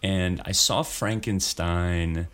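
A man's voice: low-pitched, fairly even intonation, slow pace, a bit bright. A man in casual podcast chat, telling a story in a loose, rambling way with many fillers. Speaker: improv performer, guest.

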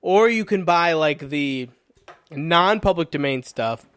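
A man co-hosting a podcast, chatting casually and laid-back, laughing often and tossing in quick replies. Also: a little high, expressive, a bit bright, clean tone. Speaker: podcast co-host. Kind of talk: casual chat about movies.

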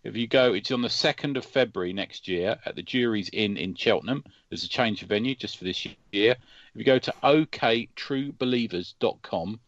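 A podcast co-host with a lowish voice chats casually at normal speed, telling stories and laughing often. The recording is dry, with no echo and a dull lo-fi quality.

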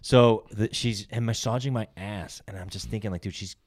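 A man's voice: lowish voice, moderate pace, a little mellow, slight background noise. A young man co-hosting a comedy podcast, rambling through a profane story and laughing as he goes. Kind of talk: casual crude storytelling.

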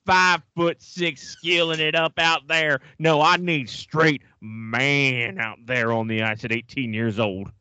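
A man voicing a brash hockey fan man with a Southern Ontario accent, loud and blustering. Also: mid-range voice, fairly even intonation, slow, few pauses, clear, resonant tone, dry recording.

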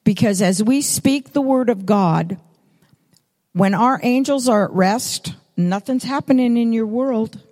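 Older female preacher, unhurried storytelling sermon, long hall reverb. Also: on the high side, mellow. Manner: storytelling, repetitive emphatic phrasing.

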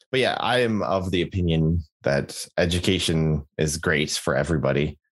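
Low-voiced young man rambling on a podcast. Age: young adult. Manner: rambling, jokey, many fillers and restarts. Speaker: podcast co-host. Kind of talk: casual podcast chat.

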